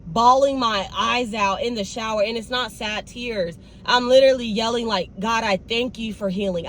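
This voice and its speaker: A woman's voice: fairly high pitch, a little hiss or hum. A young woman, talking casually and animatedly straight to her viewers in a vlog. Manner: animated, talks straight to viewers with "y'all" and "baby". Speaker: vlogger.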